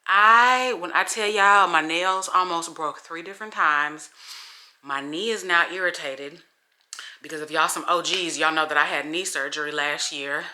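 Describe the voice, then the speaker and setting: A young adult woman chatting casually to her viewers in a vlog, telling stories in an animated, profane way. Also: fairly low pitch, normal speed. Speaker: vlogger. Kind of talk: casual vlog chat to camera.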